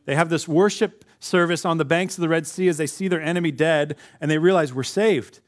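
Animated conversational male pastor. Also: fairly high pitch, fairly quick. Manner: conversational, acts out quoted voices, animated. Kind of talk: sermon.

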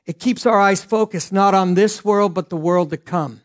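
A middle-aged male pastor preaching a sermon earnestly, swinging from loud emphasis to hushed lines. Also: high voice, normal speed.

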